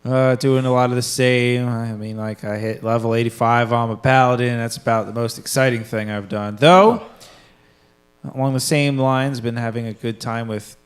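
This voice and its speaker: A man's voice: medium pitch, moderate pace. Rambling young man, swearing casually. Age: 20s. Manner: rambling storyteller, swears freely, acts out quoted people. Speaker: podcast co-host. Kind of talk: casual chat.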